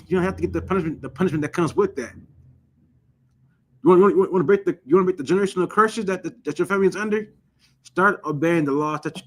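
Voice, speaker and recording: A man with a slightly high voice teaches a scripture class. He speaks emphatically and repeats himself, pushing questions at the group and telling lively stories to make his point. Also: slightly rough. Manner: lively storytelling.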